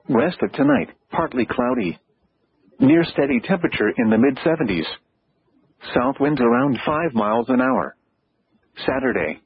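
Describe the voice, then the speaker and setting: A computer-generated man's voice reads an automated weather broadcast, gravelly and a little husky. It moves in clipped, evenly paced phrases and leaps abruptly in pitch on single words. The sound is dull and lo-fi, as if caught off a weather radio set. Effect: synthetic computer voice.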